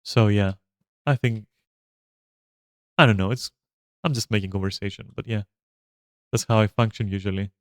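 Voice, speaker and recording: A man's voice: fairly low pitch, fairly even intonation, normal speed, pauses often, dry recording, studio quality. A man giving casual gameplay commentary as a streamer, rambling, swearing freely and filling his talk with "like" and "you know". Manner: rambling, profane, with frequent fillers.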